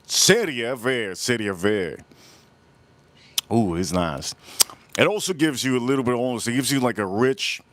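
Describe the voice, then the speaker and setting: A man hosting a casual live cigar review outdoors, just woken up, talking in a relaxed way, repeating himself and greeting his chat. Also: mid-range voice, fairly quick. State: groggy morning voice, just woke up. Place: outdoors, windy.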